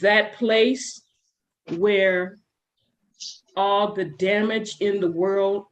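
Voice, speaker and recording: A woman on a group call sharing a spiritual testimony in an earnest way, with long pauses between her thoughts. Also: medium pitch, fairly even intonation. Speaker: group member. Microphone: video call.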